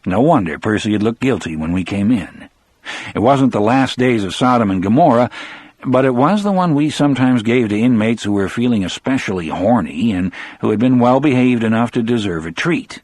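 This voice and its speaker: A man's voice: mid-range voice, lively intonation, normal speed, a little mellow, no echo. A man narrating an audiobook in the first person, with a dramatic storyteller delivery.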